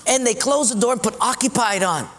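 A man's voice: very high-pitched, fairly quick, fairly bright tone, in a large hall. A man preaching a sermon, telling a story animatedly and acting out the voices.

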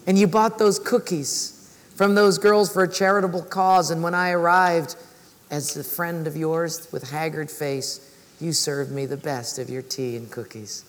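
A man voicing a gentle, kindly Lord who speaks reassuringly, in a reverberant hall. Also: fairly high pitch, fairly even intonation, a little slow, close to an everyday voice.

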